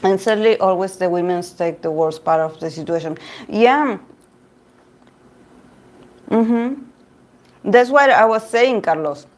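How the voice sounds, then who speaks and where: A woman host chatting casually about idol news, gossipy and quick to laugh, often restarting her sentences. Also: medium pitch. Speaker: tarot reader and channel host. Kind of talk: casual chat reading live comments.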